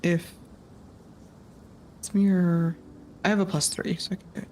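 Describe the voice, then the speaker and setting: Tabletop game player, mid-pitched, hesitant and questioning, casual delivery, faint background rumble. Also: level tone, normal speed, darkish tone. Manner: tentative, questioning.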